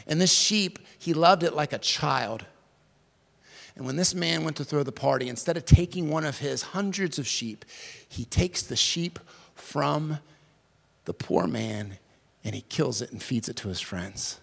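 High, gravelly preacher in a big hall. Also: male voice, unhurried. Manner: lively, casual preaching with slang and dramatic swings from loud to hushed. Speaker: pastor. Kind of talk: sermon. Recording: long reverb of a large hall.

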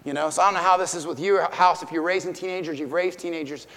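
A middle-aged man delivers a sermon in a high, gravelly voice. He talks like he is chatting, telling stories and asking the listeners direct questions. His words ring out through the long reverb of a large hall. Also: steady tone, fast talker, a bit bright. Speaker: pastor.

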